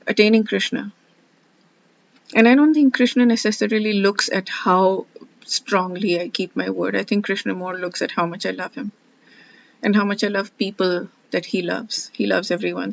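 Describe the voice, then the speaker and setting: A woman's voice: mid-range voice, creaky. A woman talking through her thoughts in a reflective personal vlog, rambling and heartfelt, often quoting her own thoughts. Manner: rambling, heartfelt, self-questioning; frequent fillers and restarts, quotes her own thoughts. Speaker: vlogger studying scripture. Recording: slightly dull lo-fi audio.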